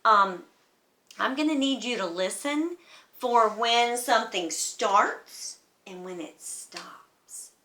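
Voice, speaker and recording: A woman music teacher giving a children's music lesson, speaking in a gentle, encouraging way to young children. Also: a little high, slow.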